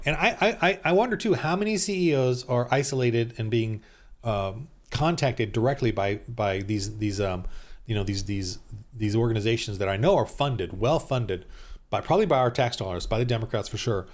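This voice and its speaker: A man hosting his own channel, delivering an angry, indignant rant that keeps restarting sentences and swings between raised outbursts and low muttered asides. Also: normal speed. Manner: heated and indignant, with many repeated restarts. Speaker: YouTube channel host.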